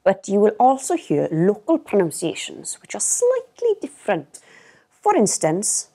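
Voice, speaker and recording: A woman teaching a language lesson in clear, careful narration, modelling each pronunciation. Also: medium pitch, wildly swooping pitch, measured pace, mellow.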